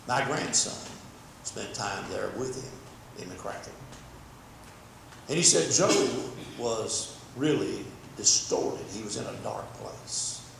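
An older preacher fervently tells a story in his sermon, repeating words, inside a church sanctuary. He speaks slowly and expressively in a medium-pitched, slightly bright voice with vocal fry, and the recording carries heavy church echo and faint background noise.

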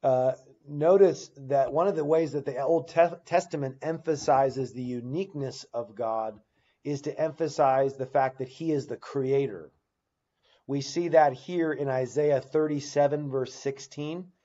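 A man's voice: medium pitch, unhurried, warm tone, dull audio. A man teaching a church Bible class without a script, stopping to restart his phrases and reading scripture passages aloud with emphasis. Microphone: recording device on battery.

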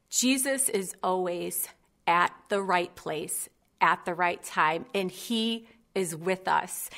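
A woman's voice: medium pitch, a bit bright. A woman in her thirties giving a heartfelt, personal sermon. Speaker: preacher.

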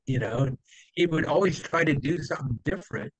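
A man's voice: medium pitch, animated, measured pace, pauses often, dry recording, low-quality recording. A man telling old stories as an interview guest, rambling with many fillers and acting out the people he quotes. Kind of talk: casual storytelling.

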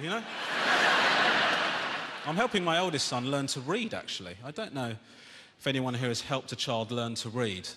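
A British man doing a stand-up routine, exasperated and ranting, his voice rising to shouts. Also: mid-range voice, expressive, normal speed, pauses often. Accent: British English. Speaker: stand-up comedian. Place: large theatre stage with audience laughter. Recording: echoey theatre hall, audience noise.

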